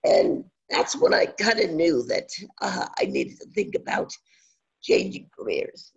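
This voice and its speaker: A speaker in their sixties with a very scratchy, strained voice that keeps breaking, giving an online teaching presentation in halting phrases full of pauses and fillers. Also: mid-range voice, huge pitch swings, husky, muffled recording. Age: 60s. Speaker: online instructor. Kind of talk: webinar presentation.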